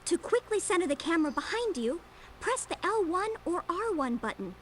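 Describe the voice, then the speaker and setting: A woman's voice: extremely high pitch, big pitch swings, moderate pace, a little hiss or hum. An actress playing a small, friendly female fairy who chirpily explains things to the hero. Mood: helpful. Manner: chirpy, instructive. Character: tiny helpful female fairy guide, bright and friendly.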